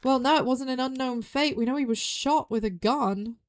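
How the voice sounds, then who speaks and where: A young woman streaming a game, thinking aloud in an excitable way and repeating her own phrases as she puzzles things out. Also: high voice, moderate pace. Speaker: VTuber streamer. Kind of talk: live game stream commentary.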